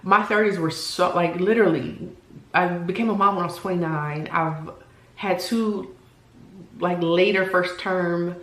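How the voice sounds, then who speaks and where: A woman in her forties with a somewhat low voice speaks earnestly and from the heart, pausing now and then to find her words. Her candid vlog talk rings in an echoey room. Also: steady tone. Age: 40s. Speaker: vlogger.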